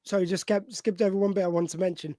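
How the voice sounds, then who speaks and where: A man's voice: sits high, fairly even intonation, quick pace, dark tone, dry recording. A man co-hosting a podcast, talking enthusiastically and swearing freely about an episode. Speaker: podcast co-host. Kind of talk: casual chat recapping an episode.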